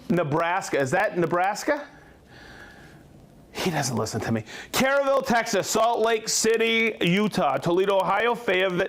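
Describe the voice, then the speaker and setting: A man hosting a live product stream, chatty and upbeat, demonstrating tools and reading out viewers' hometowns. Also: sits high. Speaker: host of a company livestream. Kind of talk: live product demo and viewer shout-outs.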